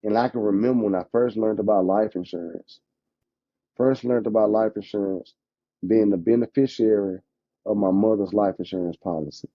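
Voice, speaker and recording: A man, an insurance agent chatting casually as a podcast guest, lively and quick to laugh. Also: lowish voice, dry recording. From Alabama, US. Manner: animated, talkative, laughs often. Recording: dull, dry lo-fi sound.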